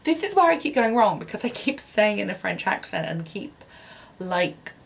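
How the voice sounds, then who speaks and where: A woman's voice: mid-range voice, very animated, normal speed, vocal fry. Bubbly chatty young woman reviewing. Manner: bubbly, chatty, self-deprecating with frequent fillers. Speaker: beauty vlogger. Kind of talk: casual product review.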